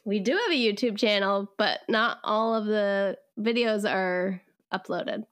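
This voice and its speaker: A woman's voice: medium pitch, measured pace, a bit bright, no room sound. A young woman co-hosting a podcast, chatting casually and laughing often. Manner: giggly, chatty. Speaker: podcast co-host. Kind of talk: casual chat.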